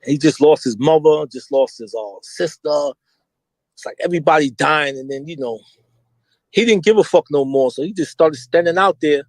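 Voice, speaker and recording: A man's voice: on the high side, normal speed, no room sound, poor audio. A middle-aged man, telling street stories candidly and with lots of slang as an interview guest. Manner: animated, slangy, mimics voices when quoting.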